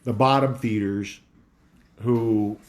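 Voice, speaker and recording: A man's voice: lowish voice, steady tone, slow. A man hosting a casual talk show from home, rambling in a conspiratorial monologue with a dog nearby.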